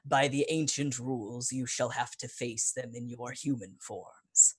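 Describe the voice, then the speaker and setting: Woman doing a composed male leader, low voice, slow and formal, tabletop role-play. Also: breathy edge, full character voice. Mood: calm. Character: composed male pack leader, older man.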